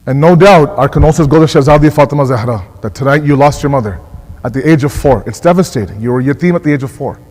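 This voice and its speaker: A male religious scholar giving a mournful sermon, impassioned, repeating words and slowing down for emphasis. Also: medium pitch, darkish tone, long reverb tail, rough recording. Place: mosque hall.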